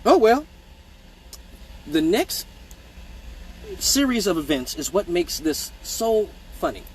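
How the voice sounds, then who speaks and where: Guy telling wild stories on a live stream, cusses a lot, kinda high voice, got the hiccups, little hum behind him. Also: slow pace, poor audio. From Michigan. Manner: profane, animated, mimics voices in stories. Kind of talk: casual storytelling.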